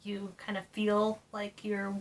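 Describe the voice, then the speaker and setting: A woman's voice: medium pitch, monotone, takes it slowly. A woman co-hosting a casual travel chat, explaining things in detail and laughing often. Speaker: co-host of a theme park travel channel.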